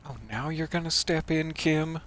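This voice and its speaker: A man's voice: fairly high pitch, steady tone, moderate pace, fairly bright tone, slight background noise. A man streaming a game, joking and reading the hero's lines aloud, slipping into mock panic. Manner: jokey, reads dialogue aloud, swings into mock panic. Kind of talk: casual gameplay commentary.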